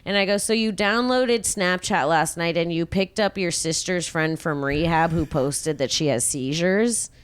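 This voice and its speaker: A woman's voice: unhurried, few pauses, smooth. A woman in her thirties hosting a podcast, telling a story casually and profanely, acting out quotes. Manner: animated, profane, acts out quotes with big pitch jumps. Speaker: podcast host.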